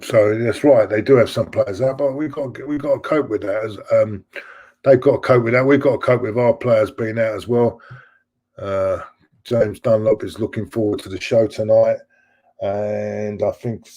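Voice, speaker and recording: Rambling man, lowish voice. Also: a little mellow. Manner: rambling, repeats himself, restarts often. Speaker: fan channel host. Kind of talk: live-stream chat reading viewer messages.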